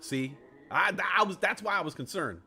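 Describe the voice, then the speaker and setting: A man's voice: a little high, expressive, normal speed, sharp tone, soft background music. A man hosting a live stream, chatting casually with joking, profane rambling. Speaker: stream host. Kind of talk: casual comedic chat.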